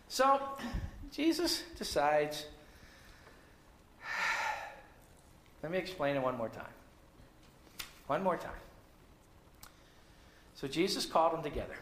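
A male pastor preaching a sermon, telling a story in an animated way and acting out the dialogue. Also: high-pitched, takes it slowly, long pauses, a little hiss or hum. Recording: echoey room.

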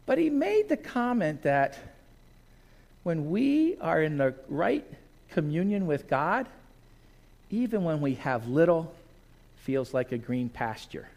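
A man's voice: on the high side, takes it slowly, vocal fry, pauses often. A male pastor preaching a sermon to a congregation in a church, telling stories and acting out scenes. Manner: storytelling, animated, acts out scenes.

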